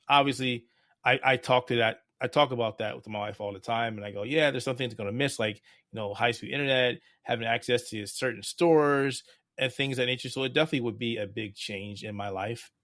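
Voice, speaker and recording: A man talking casually as a podcast guest, who gets frustrated and loud about politics. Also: medium pitch, no room sound, clean studio sound.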